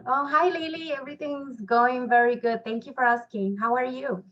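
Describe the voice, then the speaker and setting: A woman's voice: high voice, steady tone, normal speed, fairly bright tone, lo-fi sound. A woman playing a friendly customer in a short sales role play.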